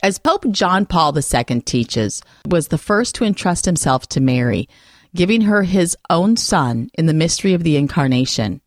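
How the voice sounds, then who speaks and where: A woman with a fairly low voice hosts a Catholic radio talk show, her delivery swinging widely in pitch as she leans into key words. She speaks earnestly and expressively. The sound is close and dry, with no room around it. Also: expressive, moderate pace, no room sound. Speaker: radio host.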